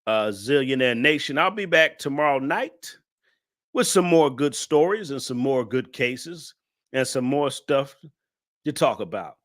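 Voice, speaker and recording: A man's voice: medium pitch, animated, a little slow, a bit bright. A man hosting a live stream, laughing as he roasts a viewer in loose, slangy casual talk. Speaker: live-stream show host.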